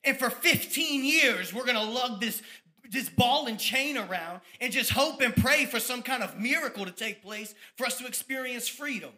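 A man, giving a fired-up testimony sermon about his ministry, at times dropping to soft reflective tones. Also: extremely high pitch, expressive, moderate pace. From Tampa, Florida. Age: 30s.

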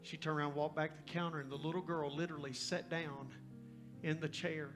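A man in his fifties, a pastor, telling a personal story in a sermon with an animated, folksy, conversational delivery. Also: fairly high pitch, a little fast, music in the background. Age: 50s.

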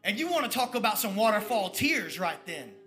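A man preaching his own testimony as a sermon, swinging between loud bursts and hushed, low confessions as he tells his story. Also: sing-song, fairly quick, faint music behind. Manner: storytelling with acted-out quoted voices.

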